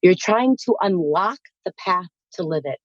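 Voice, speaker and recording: A woman's voice: fairly low pitch, expressive, moderate pace, dry recording, highs cut off. A woman from Queens with a New York accent, a spiritual guest speaking earnestly and encouragingly on a podcast. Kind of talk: podcast interview.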